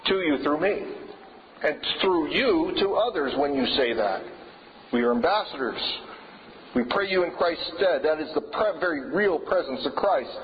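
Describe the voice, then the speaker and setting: A man preaching a sermon, earnest and emphatic, repeating his key phrases. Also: on the high side. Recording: dull lo-fi sound with long reverb in a hall.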